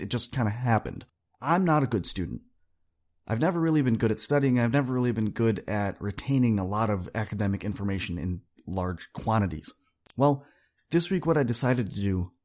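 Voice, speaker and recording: A man's voice: mid-range voice, a little mellow. A young adult man hosting a podcast, delivering an earnest, upbeat motivational monologue that speaks straight to his listeners. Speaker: podcast host.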